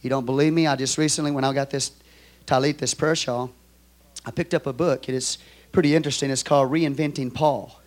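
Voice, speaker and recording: A man with a Texan accent preaching a sermon as pastor, moving from quiet storytelling to loud, shouted exhortation. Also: mid-range voice, fairly even intonation, fairly quick.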